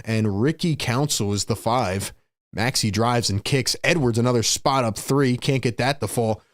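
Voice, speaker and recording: A man hosting a live fan stream, calling the game play by play and reacting excitedly while talking to viewers in the chat. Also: medium pitch, dry recording, clean studio sound. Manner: excitable, shouts big plays, chats with viewers. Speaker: livestream host.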